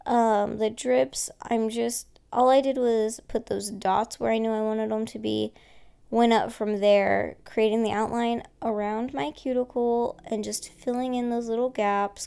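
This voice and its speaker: A woman's voice: fairly high pitch, gravelly, warm tone. A woman who has just woken up, narrating her nail art video in a rambling, casual voice-over full of fillers. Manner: rambling, filler-heavy, self-correcting. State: just woke up, yawning.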